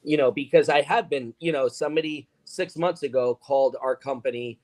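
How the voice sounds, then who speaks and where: Podcast guest, male, mid-pitched, talks emphatically and rambles. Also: a little fast, darkish tone. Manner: emphatic, rambling, with many fillers. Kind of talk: casual chat.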